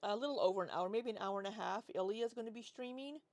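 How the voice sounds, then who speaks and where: A woman's voice: on the high side, fast, a little mellow, dry recording. A woman in her forties chatting casually on a livestream, rambling as she reads and answers chat. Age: 40s. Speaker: livestream host.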